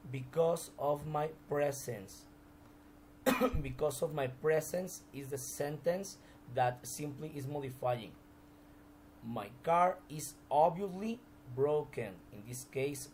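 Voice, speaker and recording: A man's voice: medium pitch, a little mellow, slight background noise, rough recording. A man teaching a recorded grammar lesson, explaining examples step by step with frequent restarts.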